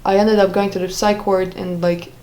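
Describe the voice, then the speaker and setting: Woman vlogger, mid-range voice, halting personal storytelling full of fillers. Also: medium pitch, flat delivery, dark tone, poor audio. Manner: hesitant, many "like" fillers and self-corrections.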